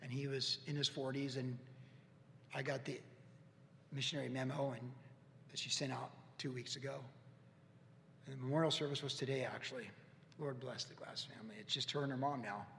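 Gravelly-voiced pastor preaching in a hall. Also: male voice, medium pitch, steady tone, fairly bright tone, a little hiss or hum. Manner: earnest, storytelling, pauses and restarts. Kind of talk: conversational sermon. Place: church sanctuary. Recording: echoey church hall.

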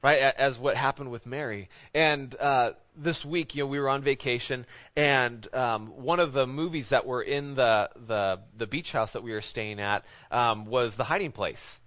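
A male pastor talks his congregation through a sermon in an easy, unpolished way, with frequent restarts and rhetorical checks. His pitch sits in an ordinary middle range. The recording is dull and lo-fi. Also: a bit bright. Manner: informal, halting, often asks "right?". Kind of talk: conversational sermon.

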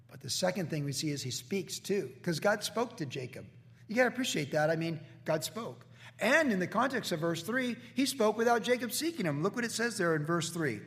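A high-pitched male voice with a long reverb tail preaches a sermon as a pastor. He speaks earnestly and now and then slips into acted quotes of biblical figures, voicing them in character.

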